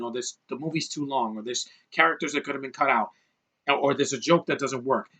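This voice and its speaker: A man's voice: medium pitch, a bit bright. A man giving a passionate, ranting movie review, fired up and defiant. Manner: passionate, ranting, swears mildly. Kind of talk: excited movie review rant.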